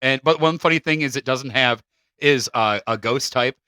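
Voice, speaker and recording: A man's voice: medium pitch, normal speed, bright, forceful tone, clear, resonant tone, no room sound, studio quality. A man co-hosting a casual podcast, reading notes aloud, laughing often and tripping over unfamiliar names. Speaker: podcast co-host.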